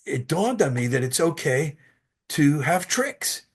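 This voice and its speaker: A man guest, an actor, telling animated stories in an interview with frequent restarts, heard over a video call. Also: a little high, takes it slowly, slightly rough. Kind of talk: interview storytelling.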